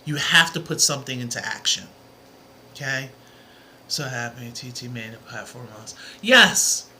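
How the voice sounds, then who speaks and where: A woman's voice: very deep voice, a little slow, sharp tone, a little hiss or hum. A woman math tutor on a live stream, talking earnestly and encouragingly to her viewers, rambling from one point to the next. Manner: rambling, with many asides. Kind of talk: motivational livestream talk.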